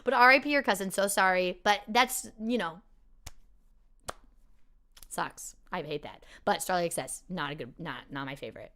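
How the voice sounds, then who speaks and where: A woman's voice: on the low side, moderate pace, long pauses, sharp tone. A woman hosting a casual question-and-answer chat with viewers, rambling with many fillers and restarts and laughing easily. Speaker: performer hosting a live Q&A.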